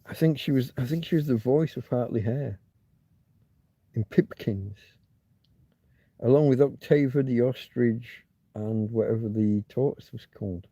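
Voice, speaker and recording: A man's voice: mid-range voice, a little slow, pauses often, mellow, no echo. A man hosting a loose livestream, thinking aloud and muttering asides as he reads viewers' chat. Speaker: livestream host. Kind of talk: rambling live chat with viewers.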